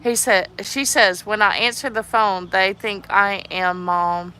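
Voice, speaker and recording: A woman's voice: mid-range voice, unhurried, clear, resonant tone. A young adult woman with a childlike voice, chatting casually and giggling as she reads out viewer comments on a livestream. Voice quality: childlike, youthful-sounding voice. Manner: giggly, animated, laughs often. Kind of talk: casual live chat reading viewer comments.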